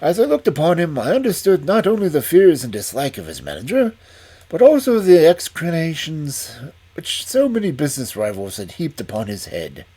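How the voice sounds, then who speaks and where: A man reading a detective story aloud as a storyteller, in an expressive manner. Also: a little high, normal speed, slightly rough.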